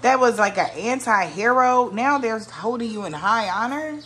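A woman's voice: on the high side, lively intonation, moderate pace, a bit bright, a little hiss or hum. A woman giving a casual tarot reading to her viewers, musing aloud, often exclaiming and trailing off mid-sentence. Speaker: tarot reader.

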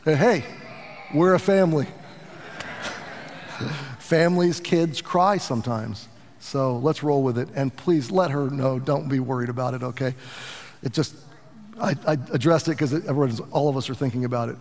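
A middle-aged pastor preaching a sermon in an earnest, animated way, with asides to his congregation. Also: medium pitch, moderate pace, pauses often, in a large hall.

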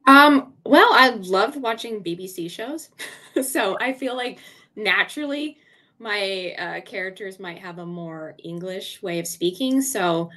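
Lively woman author telling stories. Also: mid-range voice, measured pace. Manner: animated storytelling, laughs often. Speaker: podcast co-host, author. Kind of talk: casual chat.

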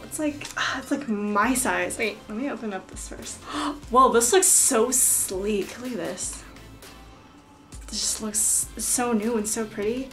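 A young woman with a fairly high, bright voice unboxes a camera on a casual home vlog while music plays behind her. She takes her time but still gushes breathlessly, packing her speech with "like."

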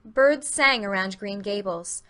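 A woman narrating a dramatic audiobook reading with clear, expressive storytelling. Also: mid-range voice, a little slow.

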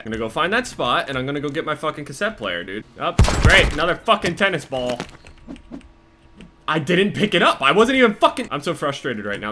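Young male gaming commentator with a bright, sharp, fairly high voice; profane and jumpy, mutters, then yells in panic. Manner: profane, excitable, jumps from muttering to panicked yelling. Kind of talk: live gameplay commentary.

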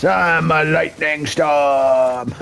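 A man's voice: fairly high pitch, extremely slow, gravelly, fairly bright tone, soft background music. A man giving profane, mocking reaction commentary on a game video, laughing often between crude jokes.

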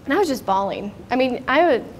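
A woman's voice: sits high, animated, fairly quick, slight background noise. A woman in her thirties speaking at a conference, telling a personal story in an earnest, reflective way. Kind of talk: personal testimony talk. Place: conference stage.

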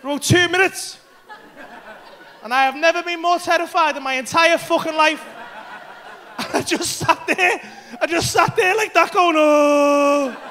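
High, gravelly stand-up comic telling a wild story. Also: male voice, measured pace, pauses often. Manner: excitable, swearing, acting out panic. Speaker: stand-up comedian. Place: comedy club stage. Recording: live club recording. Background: audience laughter.

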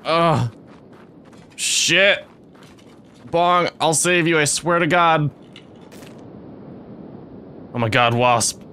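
A young man giving gameplay commentary, swearing often and breaking into excitable outbursts. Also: fairly high pitch, extremely slow, pauses often, slight background noise. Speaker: let's play host.

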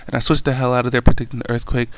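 A man's voice: mid-range voice, little pitch movement, racing. A young man doing casual game commentary, giving play-by-play full of profanity, exasperated grumbling and self-mocking asides. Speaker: gaming commentator.

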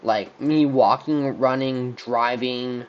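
Give me a young guy casually playing would-you-rather on camera, mid-pitched and easygoing, with a slightly muffled home recording. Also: fairly even intonation, takes it slowly. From Texas. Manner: rambling, thinking aloud with many likes and restarts. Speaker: channel host. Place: room with a squeaky chair.

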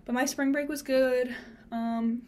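A breathless young woman talks casually to the camera from her dorm room, her pitch sitting a little high. She rambles and fills the gaps with lots of "like" and "um". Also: steady tone, a little slow, a little mellow. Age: young adult. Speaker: college student vlogger. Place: dorm room on a college campus.

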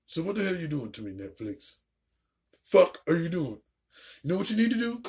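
A woman ranting casually and profanely while reacting to a show, with a raspy, gravelly voice. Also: on the low side, very animated, moderate pace, a little mellow. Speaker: video reactor.

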